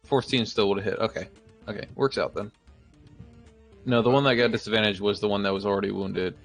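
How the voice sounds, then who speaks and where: A man's voice: lowish voice, steady tone, fairly quick, faint music behind. A man narrating as dungeon master in a loose, chuckling way, swearing casually now and then. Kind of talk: narrating a tabletop game.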